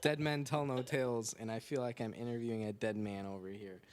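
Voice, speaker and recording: Male podcast host, middle pitch, deadpan and sarcastic, casual chat. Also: brisk, background noise. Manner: dry, sarcastic, joking. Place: indoors on a couch.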